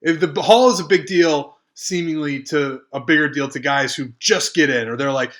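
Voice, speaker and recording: A man's voice: fairly high pitch, moderate pace, hardly any pauses, a bit bright. A man co-hosting a podcast, giving his opinions in a thoughtful, hedging way. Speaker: podcast co-host. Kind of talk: casual podcast banter.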